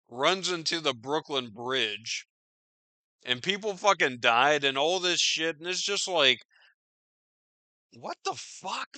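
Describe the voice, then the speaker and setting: A podcast host riffs on the news with profane, rambling incredulity. His voice is a little high, bright and forceful with a clean tone, captured in a dry recording.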